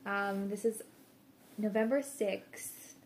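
A woman's voice: mid-range voice, steady tone, slow, darkish tone, a little hiss or hum. A woman guest on a podcast, bashful in a casual chat, often laughing.

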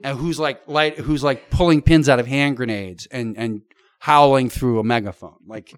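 A middle-aged man chatting casually about his improv days, spinning colorful comparisons laced with swearing. His voice sits at a middling pitch and sounds dry and close, with no room around it. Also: normal speed, no room sound. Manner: vivid, profane storytelling with colorful comparisons. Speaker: podcast guest. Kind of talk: casual chat.

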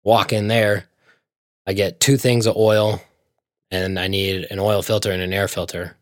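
A man's voice: fairly low pitch, unhurried, no echo, studio quality. Swearing man telling a story. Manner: profane, animated storytelling with frequent swearing. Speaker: storyteller in casual conversation. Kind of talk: casual chat.

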